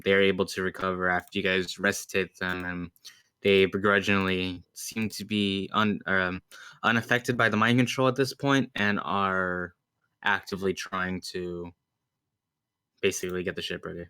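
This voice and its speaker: A man narrating as game master of a tabletop game, relaxed and full of fillers. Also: low-pitched, clean tone, no echo, clean studio sound.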